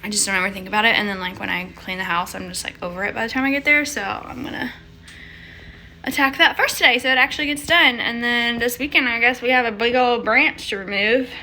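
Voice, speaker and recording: A woman's voice: a little high, steady tone, fast, sharp tone. A young woman from Georgia talking casually to camera at home, chatty, with plenty of fillers and "like.". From Georgia, United States. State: out of breath. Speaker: vlogger. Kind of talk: casual chat.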